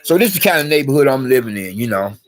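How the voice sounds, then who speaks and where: A man's voice: medium pitch, very animated, rapid-fire. A man talking into his phone in a rambling, emotional vlog monologue, full of restarts and swearing. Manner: rambling and repetitive, with many restarts and fillers; emotional and profane. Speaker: vlogger.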